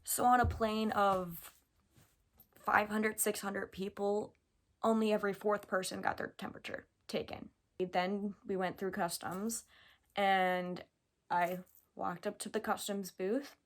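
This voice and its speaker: Young woman from the US, twenties, casual vlog storytelling, chatty, animated, lots of fillers. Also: mid-range voice, measured pace. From United States. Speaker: vlogger.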